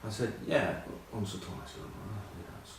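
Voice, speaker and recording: A man's voice: on the low side, animated, normal speed, vocal fry, heavy reverb, recorded from a distance, a little hiss or hum, poor audio. A middle-aged English man telling rambling, self-mocking rugby stories in casual chat. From England. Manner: rambling, self-mocking anecdotes with many ums. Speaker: rugby pundit.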